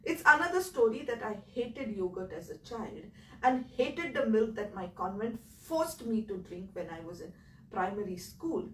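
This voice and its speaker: A woman with an Indian accent, telling her own story in an earnest, emotional way that swings between loud and quiet. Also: medium pitch, very animated, moderate pace, reverberant, distant mic, a little hiss or hum, rough recording. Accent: Indian English. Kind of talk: personal storytelling talk.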